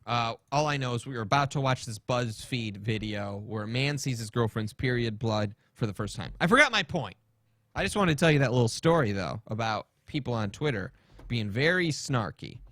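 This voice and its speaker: A man's voice: medium pitch, a bit bright, no room sound. A man hosting a podcast, telling a rambling story in a casual, swearing rant. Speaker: podcast host.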